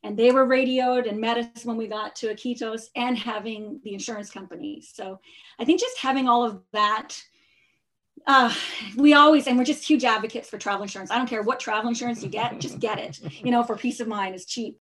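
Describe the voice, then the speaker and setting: A woman, a travel blogger and guest, telling a story in a chatty, lively way. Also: a little high, brisk. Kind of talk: conversational storytelling.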